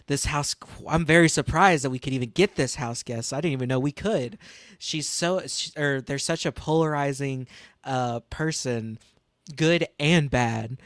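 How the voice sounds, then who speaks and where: A man's voice: medium pitch, no echo, clean studio sound. A man co-hosting a casual podcast, giving passionate, emphatic fan opinions. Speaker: podcast co-host.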